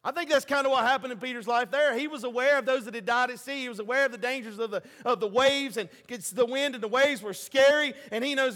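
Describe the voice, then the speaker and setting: High-voiced impassioned male preacher. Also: fairly quick. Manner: impassioned, swings from loud emphasis to soft low asides. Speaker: pastor. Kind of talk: sermon. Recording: hall reverb.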